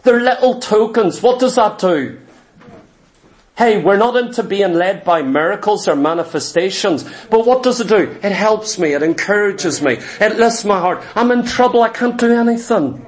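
A man's voice: high voice, lively intonation, normal speed. A middle-aged man preaching a sermon in church, telling stories with emphatic repetition. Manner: storytelling, emphatic, repeats phrases.

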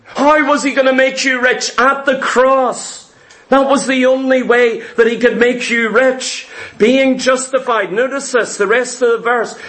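Fervent male preacher, very high voice, echoey hall sound, rhetorical questions. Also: a bit bright. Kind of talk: sermon.

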